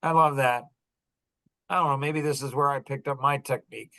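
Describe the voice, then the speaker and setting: An older man hosting a podcast, telling stories to a group in an animated way and acting out quotes with sudden loud bursts. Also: medium pitch, moderate pace, rough recording. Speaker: podcast host. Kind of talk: storytelling to a live group.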